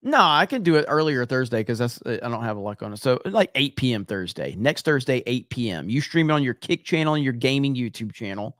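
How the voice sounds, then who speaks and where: A man's voice: medium pitch, expressive, brisk, few pauses, fairly bright tone, no room sound, clean studio sound. A man from Alabama, co-hosting a livestream and chatting casually, swearing freely and reading out viewer comments. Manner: loose, profane, reads chat aloud. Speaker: livestream co-host. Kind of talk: casual profane stream chat.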